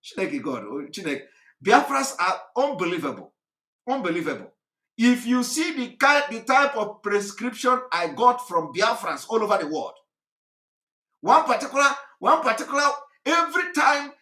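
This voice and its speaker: A hoarse man, hosting a live address, talking repetitively with laughs and emphasis. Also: high voice, very animated, normal speed, pushed and bright, echoey room. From Nigeria. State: hoarse, recovering voice. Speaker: host of a live broadcast.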